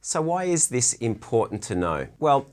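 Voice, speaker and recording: A man giving a relaxed, chatty drum lesson from his drum room, counting beats aloud as he explains stickings. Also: mid-range voice, moderate pace, over music. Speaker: drum teacher.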